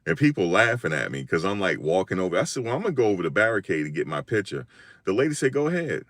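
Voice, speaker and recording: A man's voice: low voice, quick pace, no echo, studio quality. A man from Virginia hosting a live stream, telling a story in a casual, slangy way and acting out what people said. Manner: animated slangy storytelling, acts out quotes.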